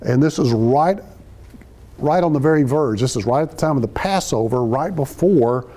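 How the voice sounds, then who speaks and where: A man's voice: mid-range voice, expressive, normal speed, warm tone. A man giving a conversational sermon, reading verses and explaining them phrase by phrase. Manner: conversational, explains each phrase, acts out quotes. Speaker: Bible teacher.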